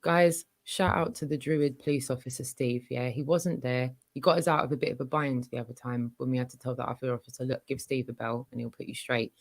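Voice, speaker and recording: A woman's voice: rumbling low, steady tone, a little fast, hardly any pauses, no echo, poor audio. Lady hosting a live chat stream, talks casually, loads of fillers. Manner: chatty, warm shout-outs, many fillers. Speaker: livestream host.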